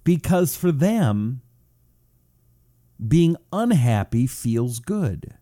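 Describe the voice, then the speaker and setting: A male talk host with a warm, mellow tone chats in a loose, rambling way, full of "uh" fillers. His pitch swings widely as he stretches words out for effect. The recording is close and dry. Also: very animated, very slow, no room sound. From Washington State, US. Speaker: radio talk show host. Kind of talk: casual talk show monologue, reading out audience messages.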